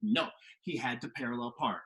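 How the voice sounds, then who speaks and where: A man telling a story to the camera from his home kitchen, animated and swinging from hushed to loud. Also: mid-range voice, brisk. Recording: echoey kitchen room.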